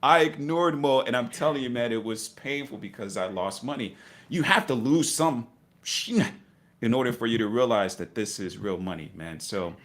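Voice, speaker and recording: A man's voice: mid-range voice, moderate pace. A middle-aged man telling his investing story in a casual interview, acting out voices with laughter. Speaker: guest investor.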